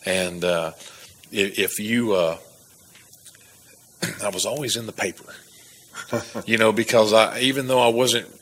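Man, lowish husky voice, earnest testimony teller, lots of restarts. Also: steady tone, a little slow, long pauses, fairly bright tone, rough recording. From Texas. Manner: earnest storytelling with laughs and restarts. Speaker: guest. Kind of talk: personal testimony.

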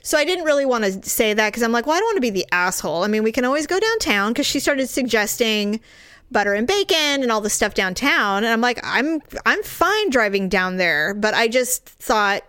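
A middle-aged woman co-hosting a casual chat, talking in an animated way and swearing freely. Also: fairly quick, clear, resonant tone, dry recording, studio quality. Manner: animated, swears freely, swings up high when riled. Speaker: podcast co-host.

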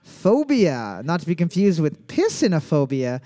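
A man with a high voice hosts a trivia night, reading each question twice. He slips in crude jokes and teasing asides between rounds. His delivery is loose and playful. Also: very animated, unhurried, mellow. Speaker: trivia host. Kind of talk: bar trivia hosting with banter.

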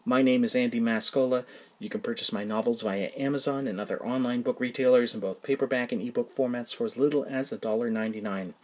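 A man, the podcast host, reading his own first-person story in a plain, even manner. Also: medium pitch, fast talker. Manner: plain, even storytelling, casual asides in the outro.

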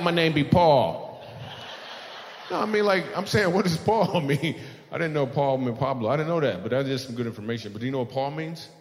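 A male stand-up comedian doing teasing crowd work on stage, laughing often at his own jokes. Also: a little high. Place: live comedy venue. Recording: long hall reverb.

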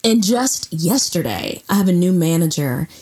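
Husky-voiced woman telling a story. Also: fairly low pitch, moderate pace. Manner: animated storyteller, acts out quotes. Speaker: podcast co-host. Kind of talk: casual intimate conversation.

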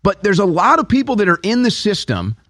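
A man's voice: high voice, huge pitch swings, brisk, a bit bright, no room sound. A man hosting a casual interview, chatting with his guest and leaning on sports metaphors. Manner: conversational, uses sports metaphors. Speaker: host.

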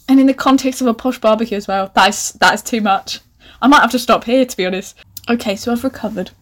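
A woman in her twenties with an animated, laughing manner, reading out her old writing and mocking it with sarcastic asides. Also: fairly high pitch, brisk. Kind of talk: comic reading with commentary.

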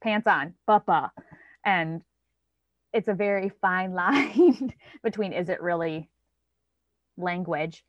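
A woman's voice: on the low side, slow pace, pauses often, dry recording. A woman in her thirties talking about her child in casual conversation, often acting out quoted lines with a raised voice. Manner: chatty, acts out quoted lines in a lifted voice. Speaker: parent guest. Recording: dry, slightly dull sound.

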